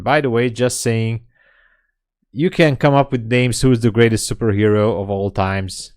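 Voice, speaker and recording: A man hosting a live day trading stream, talking casually and reading chat messages aloud as he thinks out loud. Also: medium pitch, steady tone, a little slow. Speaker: day trading livestream host.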